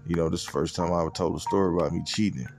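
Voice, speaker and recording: A man's voice: low-pitched, steady tone, racing, over music. A man hosting a podcast, telling a personal story in a loose, profane, conversational way. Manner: fillers like "you know what I'm saying". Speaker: podcast host. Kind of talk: casual storytelling.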